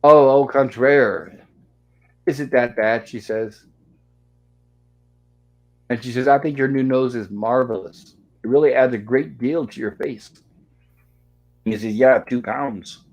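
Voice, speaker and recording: A man's voice: mid-range voice, steady tone, measured pace, long pauses, darkish tone, poor audio. A man hosting a casual online show, recapping an old sitcom episode and reading the characters' lines aloud in a chatty storytelling way. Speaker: host.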